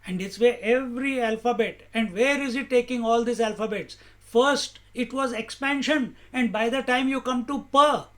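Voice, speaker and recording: This spiritual teacher's voice is unusually high for a man. His discourse stays calm and deliberately paced, built around rhetorical questions and emphatic points.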